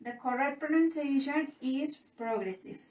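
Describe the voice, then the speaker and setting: A young woman with a Colombian Spanish accent and a high voice reads out stress rules very slowly and deliberately, spelling letters and repeating examples. She sits away from the mic in an echoey room. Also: a bit bright, far from the mic. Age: young adult. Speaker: student presenter. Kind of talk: reading phonetics rules for a lesson.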